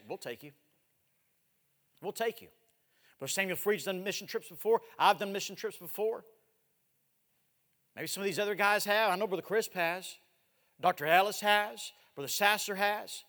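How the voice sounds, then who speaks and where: A man in his forties preaching a missionary sermon, swinging from loud exhortation to hushed, drawn-out words. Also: sits high, expressive. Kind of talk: evangelistic sermon with live demonstration. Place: large church sanctuary. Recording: echoey church hall.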